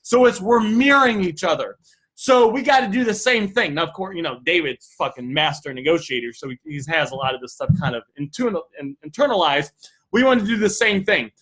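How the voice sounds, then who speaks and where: A young man with a high, bright voice runs a live sales lesson. He talks casually and thinks out loud with plenty of ums. His tone stays loose and conversational. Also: animated, brisk, poor audio. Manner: casual, thinks aloud with fillers. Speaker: sales trainer. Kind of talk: live online class, reading student messages.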